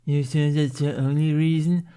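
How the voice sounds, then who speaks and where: A man's voice: fairly high pitch, steady tone, moderate pace, warm tone, clean tone, pitched above the performer's own voice, natural voice. A man voicing a boastful, cocky young Viking squire who mocks others. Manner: bragging, mocking.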